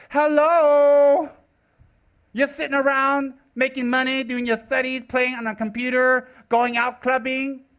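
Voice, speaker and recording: A man in his forties from the United States, giving a live Buddhist teaching with teasing, sarcastic, animated delivery. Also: sits high. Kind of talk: live dharma talk.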